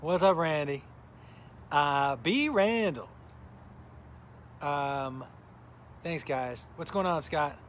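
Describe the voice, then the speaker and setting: A middle-aged comedian talks in a loose, rambling way, stopping his own story to greet viewers. His voice sits a little high for a man and sounds worn and tired. A faint hum of noise runs behind him. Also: expressive, takes it slowly, pauses often. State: tired, recovering from illness. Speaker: comedian hosting a live smoking stream. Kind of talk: casual live-stream chat and storytelling.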